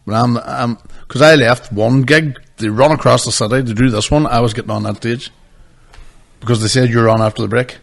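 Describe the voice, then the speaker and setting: A man, a podcast co-host, telling animated stories in casual chat and acting out his stage bits. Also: mid-range voice, a little fast, gravelly.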